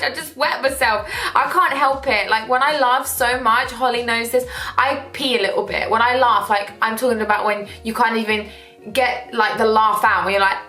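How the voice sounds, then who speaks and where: A woman with a fairly high, sharp-toned voice chats at a moderate pace while getting ready on camera, candid and emotional and breaking into laughter as she tells stories. Faint background music sits under a roomy echo.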